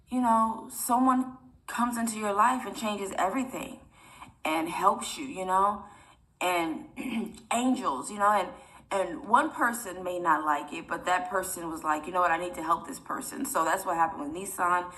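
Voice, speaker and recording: A woman's voice: medium pitch, normal speed, fairly bright tone. A young woman vlogger telling a personal story to her viewers in a rambling, chatty way, often close to tears. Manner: emotional, near tears.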